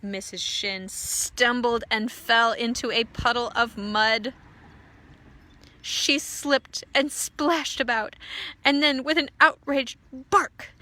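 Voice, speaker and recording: A woman pastor reading a storybook aloud to children, with gentle asides to a child. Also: a little high.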